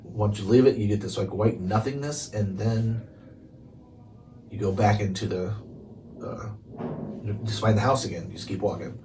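A man's voice: lowish voice, normal speed, long pauses. A man reading a chapter book aloud and chatting casually about the story in between. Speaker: reader. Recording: distant mic with faint noise.

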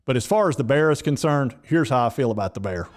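A man's voice: medium pitch, expressive, quick pace, over loud music. A man, a sports vlogger who rants in a folksy, exasperated way. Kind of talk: casual sports commentary.

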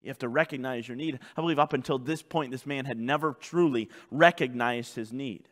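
A male pastor preaching a sermon in a church, swinging from loud shouts to low, quiet passages. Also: brisk, long reverb tail. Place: church sanctuary.

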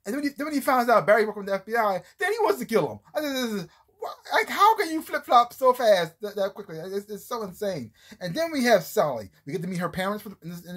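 This TV show reviewer has a high-sitting, fairly bright, husky voice. His review of a series is casual and meandering, with frequent sentence restarts and scenes performed as he recounts them.

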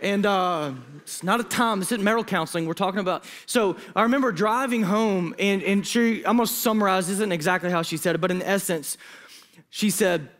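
Youth pastor guy in his 30s preaching, tells personal stories, emotional, kinda high voice. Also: brisk, fairly bright tone. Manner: personal, emotional storytelling with asides. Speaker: student pastor. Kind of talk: sermon. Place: church hall.

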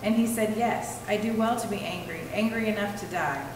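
Woman, scripture reading, measured, distant mic, long hall reverb, audible room noise. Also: mid-range voice.

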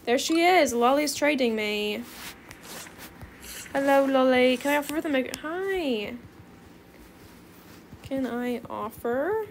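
Excitable teen girl creator, high voice with fry, chatty gameplay commentary. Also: slow pace, pauses often, slight background noise. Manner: calls viewers bestie. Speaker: gaming video creator.

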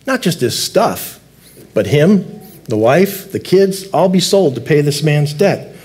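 A man preaching a sermon as lead elder in a church, earnest, repeating key words and slowing down to stress them. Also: a little high, very animated, darkish tone. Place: church sanctuary.

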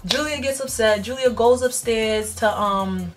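A woman in her twenties telling a personal story in a casual vlog, blunt and slangy, jumping up in pitch when she acts out quotes. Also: measured pace, soft background music. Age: 20s. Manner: animated, jumps up in pitch when acting out quotes; slangy, blunt, self-mocking. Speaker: vlogger.

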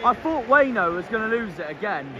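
A man from southwest England, a football fan vlogger giving excitable live commentary from the stands, shouting at the players. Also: high-pitched, brisk, muffled recording. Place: outdoor football stadium stands. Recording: loud crowd and stadium noise.

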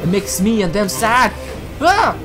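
Chatty woman with a lively, bouncing voice. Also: mid-range voice, normal speed, music in the background. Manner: excitable, chatty, talks to in-game objects. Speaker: gaming channel host. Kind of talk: casual let's-play commentary.

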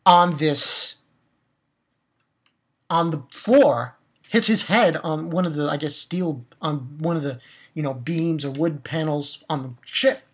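A woman casually reviewing an anime episode, excitable and blunt, swearing freely and often restarting her words. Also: low-pitched, slightly rough.

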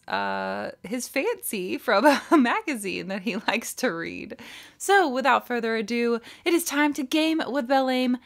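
A woman giving chatty, excitable commentary while playing a video game. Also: on the high side. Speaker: let's play gamer. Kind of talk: casual gameplay commentary.

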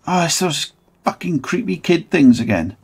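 Sweary gravelly gamer man. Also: on the high side, very animated, moderate pace, faint music behind. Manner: sweary, rambling, mocking running commentary. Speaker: gaming channel host. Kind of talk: let's play commentary.

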